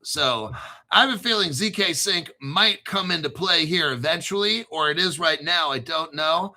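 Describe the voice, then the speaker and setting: Excitable, swearing male crypto show host. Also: fairly high pitch, normal speed. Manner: excitable, profane, rambling, spells out names. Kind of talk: excited crypto commentary monologue.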